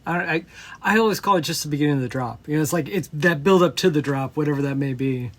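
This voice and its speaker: A man interviewing a guest casually, prompting her quickly. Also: on the high side. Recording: voice distant from the mic.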